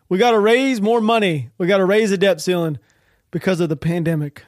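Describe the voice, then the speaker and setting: A man's voice: sits high, fairly quick, no room sound, clean studio sound. A man hosting a solo political podcast, ranting and sarcastic, swearing freely and laughing at the news. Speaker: podcast host.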